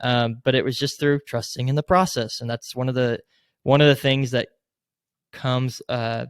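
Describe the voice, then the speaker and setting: A man tells a story as a podcast guest, rambling and packing his sentences with fillers, jumping into other people's voices as he recounts what they said. His pitch sits in a plain middle range. The recording is close and dry, with no room sound around him. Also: steady tone, normal speed, clean tone, no room sound. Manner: rambling, filler-heavy, leans on "like"; acts out quoted lines, gets loud in retelling. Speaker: door-to-door sales rep, podcast guest. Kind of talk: casual interview storytelling.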